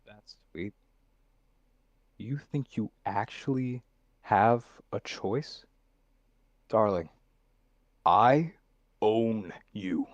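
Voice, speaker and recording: A man voicing a condescending male villain boss in a voice acting session, speaking slowly with quiet, possessive menace. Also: fairly low pitch, lively intonation, no echo, muffled recording. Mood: menacing.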